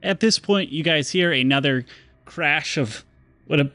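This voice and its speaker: A man running a tabletop role-playing game as game master, narrating descriptively and slowing down for dramatic moments. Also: fairly high pitch, pushed and bright, no room sound.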